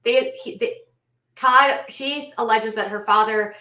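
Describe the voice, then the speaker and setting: A woman host recapping a story and adding her own commentary, in a measured way with frequent ums and self-corrections. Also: fairly high pitch, pushed and bright. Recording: echoey room, voice a bit off the mic.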